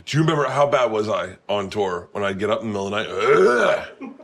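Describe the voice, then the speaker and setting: A man hosting a casual chat, telling loose, rowdy stories with lots of laughter while high. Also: very animated, fast, vocal fry, fairly bright tone, a little hiss or hum. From United States. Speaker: podcast host.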